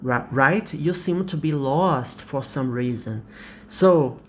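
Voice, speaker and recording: Slow, patient male English teacher. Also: a little high, a little hiss or hum. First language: Portuguese. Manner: patient, repeats examples with rising tags, laughs often. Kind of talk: slow explanatory lesson.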